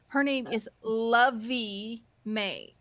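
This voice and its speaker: Woman in a group chat, talks slow and kinda high, flat matter-of-fact. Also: a loud crowd. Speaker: chat participant.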